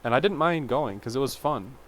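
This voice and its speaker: A man's voice: mid-range voice, animated, a little fast, slight background noise. A man in his twenties, a vlogger, telling a rambling personal story in a chatty way, full of fillers and tangents. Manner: chatty, self-interrupting, full of "like".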